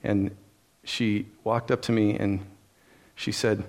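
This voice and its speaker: A man preaching a sermon. He tells a personal story in a relaxed, conversational way, fills pauses with "uh" and "and so," then builds to earnest preaching. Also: fairly low pitch. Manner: frequent "uh" and "and so" fillers. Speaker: pastor.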